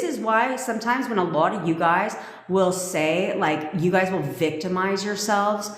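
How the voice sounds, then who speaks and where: A woman's voice: medium pitch, measured pace. A sassy, foul-mouthed woman, a manifestation coach, telling a personal story in a casual livestream and laughing as she goes. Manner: brash, profane and sassy. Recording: echoey room with long reverb.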